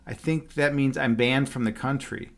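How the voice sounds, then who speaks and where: A man's voice: mid-range voice, steady tone, normal speed. A man chatting casually on a livestream as a chess instructor. He rambles and fills his talk with "like" and "you know". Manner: talks loudly at times.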